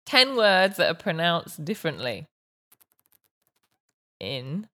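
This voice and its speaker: Young woman, British accent, casual chat, teasing, lively pitch, lowish voice. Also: slow. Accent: British English. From Britain. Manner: teasing, correcting, laughing. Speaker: vlog host. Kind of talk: casual pronunciation challenge.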